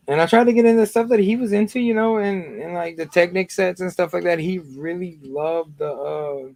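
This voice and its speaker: Man in his 30s, livestream host, slightly higher voice, dry close sound, loose rambling chat. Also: moderate pace, a little mellow, no room sound. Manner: rambling, many fillers and restarts.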